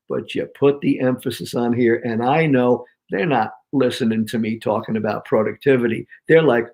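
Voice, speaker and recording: A man in his sixties, a speaker and author, telling stories in an interview in a lively, slangy, emphatic way and laughing often. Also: fairly high pitch. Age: 60s. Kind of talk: animated storytelling in an interview.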